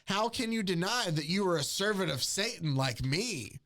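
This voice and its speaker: A man's voice: high-pitched, expressive, normal speed, fairly bright tone, voice pushed up. A man voicing a devilish male talking black cat from a comic he is reading aloud. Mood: pleading.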